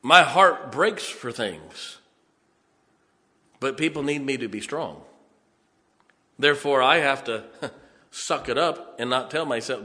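A man's voice: mid-range voice, animated, a little slow, pauses often, bright, forceful tone, big-room sound. A man preaching a sermon in a folksy way, often chuckling and checking on his congregation.

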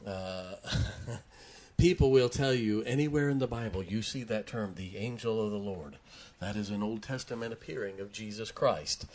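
A man's voice: lowish voice, normal speed, darkish tone. A man preaching a sermon, retelling a Bible story in a folksy way and chuckling often as he goes.

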